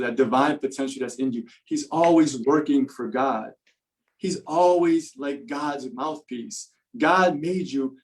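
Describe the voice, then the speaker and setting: An earnest man telling a personal story on a podcast. He repeats himself and circles back with fillers while building up the tale. His voice sits at a middle pitch. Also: a little mellow, poor audio. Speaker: podcast guest. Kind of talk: personal testimony in conversation.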